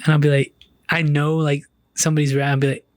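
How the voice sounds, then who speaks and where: A man in casual podcast chat, blunt and swearing freely, quick to laugh. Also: fairly high pitch, level tone, no room sound.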